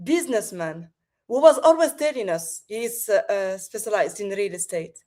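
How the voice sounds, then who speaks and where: A woman with a French accent, a podcast guest speaking over a video call, with many pauses and restarts. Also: medium pitch, expressive, dark tone. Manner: hesitant, many fillers and restarts. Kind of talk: remote interview.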